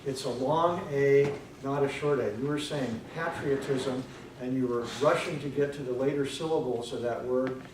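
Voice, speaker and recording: A man evaluating speakers' grammar at a club meeting, correcting words with a dry joking manner and slow careful pronunciation. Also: medium pitch, noisy background. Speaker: grammarian and ah counter. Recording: echoey room from far off.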